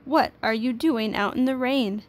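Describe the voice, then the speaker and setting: A woman voicing a cheerful, eager young male hedgehog in a storybook read-aloud, with bright, excited exclamations. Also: a little high, moderate pace, lightly acted.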